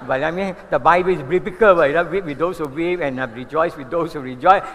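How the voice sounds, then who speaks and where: A man in his seventies with a Malaysian English accent, preaching a sermon as an animated storyteller who keeps saying "you know". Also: fairly high pitch, a little fast, hardly any pauses, long reverb tail, slight background noise. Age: 70s. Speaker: pastor.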